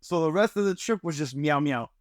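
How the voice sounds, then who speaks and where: A young man telling a story in casual chat as a podcast guest, animated, with lots of fillers and slang. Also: fairly high pitch, a little fast, dry recording, clean studio sound.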